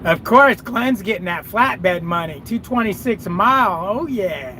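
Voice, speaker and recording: Profane, high-voiced trucker chatting live. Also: male voice, expressive, a little slow, background noise. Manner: profane, rambling, talks to viewers and his dog. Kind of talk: casual live chat. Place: inside his truck cab.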